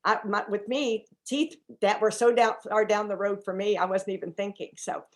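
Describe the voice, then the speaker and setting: A woman's voice: mid-range voice, steady tone, normal speed. A woman co-hosting a casual video-call chat who encourages the host and asks her questions.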